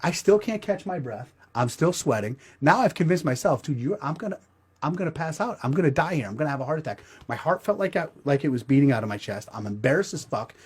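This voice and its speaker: A man's voice: on the high side, expressive, quick pace, darkish tone, slightly rough. Crude, self-mocking man telling a story. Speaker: host. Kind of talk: comedic storytelling.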